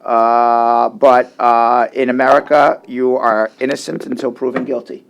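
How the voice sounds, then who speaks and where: This is a middle-aged man hosting a live radio talk show, joking easily with his co-host. His voice carries a gravelly, fry-laden texture at a medium pitch. He often stumbles and restarts his sentences. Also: little pitch movement, measured pace. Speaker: immigration attorney and show host.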